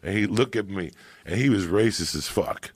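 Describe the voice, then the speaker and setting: A middle-aged man telling loud, profane, laughing stories as a podcast guest. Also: lowish voice, moderate pace, husky, no room sound. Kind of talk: profane storytelling chat.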